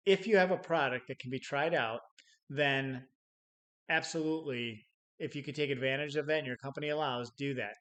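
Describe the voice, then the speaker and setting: A man's voice: medium pitch, fairly bright tone. Chatty middle-aged man teaching sales. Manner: storytelling with acted-out quotes and chuckles; many restarts and repeated words. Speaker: sales trainer. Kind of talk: unscripted teaching talk.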